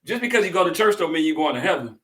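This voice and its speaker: A man who is a pastor hosting a talk show, speaking in a preacherly way that rises into emphatic shouted points. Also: a little high, sing-song, racing, low-quality recording. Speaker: pastor and host. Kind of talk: lively church talk show discussion.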